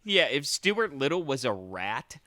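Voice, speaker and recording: Podcast guy telling silly deadpan bits, bright tense voice, dry sound. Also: medium pitch, a little slow, dry recording. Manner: deadpan storytelling, playful refusals. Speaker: podcast co-host. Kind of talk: crude comedic banter.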